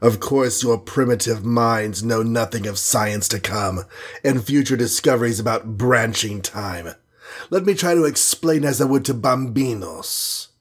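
A man's voice: medium pitch, measured pace, husky. A man reading a storybook and voicing a scheming alien villain from the future, condescending and bland, sprinkling in foreign words. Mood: lecturing. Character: sneering scheming male alien time-traveler villain.

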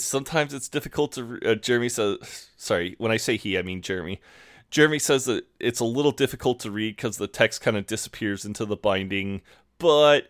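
A man's voice: fairly low pitch, fairly bright tone, dry recording, clean studio sound. A man co-hosting a podcast, casually retelling a story and acting out the quoted lines. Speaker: podcast co-host.

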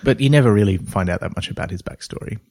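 A man's voice: on the low side, fast, darkish tone. A man chatting as a podcast guest, a writer and voice actor, easygoing and laughing often, playfully dodging questions. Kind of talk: casual chat.

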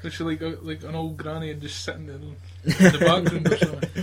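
A man's voice: on the high side, level tone, fast talker, crowd noise. A young Scottish man joking bluntly in a casual chat about films.

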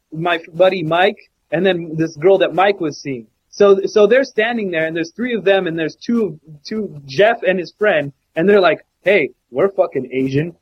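Husky high-voiced man telling a story. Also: muffled recording. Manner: profane, animated storytelling with many restarts. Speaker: podcast co-host. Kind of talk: casual storytelling chat.

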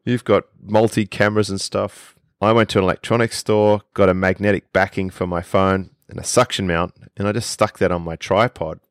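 A man's voice: low voice, steady tone, normal speed, hardly any pauses, clear, resonant tone, no echo, clean studio sound. A man with an Australian accent, a podcast guest explaining things with enthusiasm in casual conversation.

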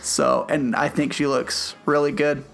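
A mid-pitched man with a gravelly edge co-hosts a podcast, agreeing readily and chatting along. Faint music hums underneath. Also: flat delivery, unhurried, fairly bright tone. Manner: agreeable, chatty, many short yeahs. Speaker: podcast co-host. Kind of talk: casual chat.

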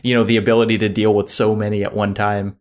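A man on a podcast excitedly recounting a game moment, speeding up as the action builds. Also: lowish voice, quick pace. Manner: animated storyteller, speeds up in the action. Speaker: podcast co-host. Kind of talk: casual game discussion.

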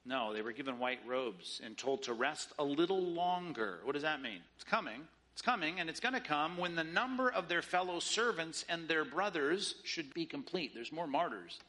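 A man's voice: on the high side, very animated, moderate pace, hardly any pauses, sharp tone. A man preaching a sermon in an emphatic, rhetorical way, often mimicking the views he argues against. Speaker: pastor.

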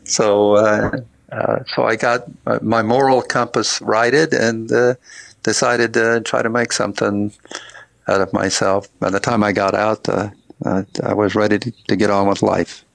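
Older male author guest, gravelly low timbre, halting storyteller, dry close mic. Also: flat delivery, no echo. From Tennessee. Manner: halting, many fillers and restarts, chuckles. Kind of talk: casual interview storytelling.

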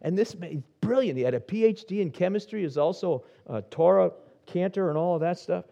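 A middle-aged man preaching a sermon as senior pastor, telling stories with soft asides that build to emphatic points. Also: high-pitched, expressive, fairly quick, vocal fry, highs cut off. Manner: storytelling, shifting from soft asides to rising emphasis.

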